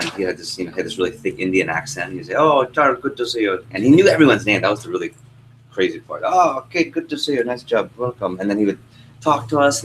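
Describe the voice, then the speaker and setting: Teaching a workshop through a story, a young sales trainer addresses a roomful of trainees in a slightly low voice, animated and constantly quizzing the room. Faint room hum runs underneath, and the recording quality is rough.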